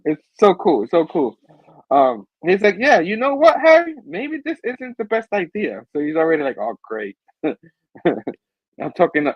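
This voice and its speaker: Male host, higher husky voice, very lively, reads comic lines out loud, dry dull lo-fi sound. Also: no echo. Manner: animated, reads comic dialogue aloud, laughs often. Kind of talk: casual comic book review.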